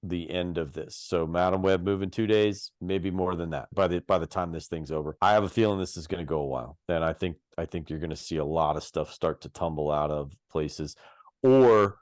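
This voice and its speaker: A man co-hosting a podcast in casual chat, talking in a rambling, energetic way that trails off mid-thought. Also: sits low, a little fast, no echo, studio quality. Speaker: podcast co-host.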